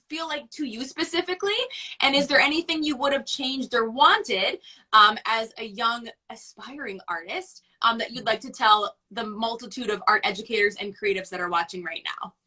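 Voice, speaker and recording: Woman host, high and bright, affirming interviewer on a video call. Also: normal speed. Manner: encouraging, affirming, laughs often.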